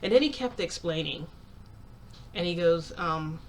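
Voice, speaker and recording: Man, casual vlog storytelling, rambling, lots of "like", somewhat high voice, faint hiss behind. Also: lively intonation, unhurried. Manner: rambling, heavy use of "like"; chatty, laughs often. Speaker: vlogger.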